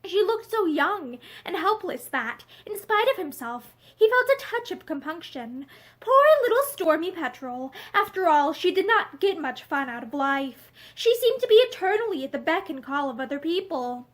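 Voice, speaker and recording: High-voiced woman reading a novel aloud. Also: very animated, normal speed, a bit bright. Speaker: audiobook reader. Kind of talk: scripted narration.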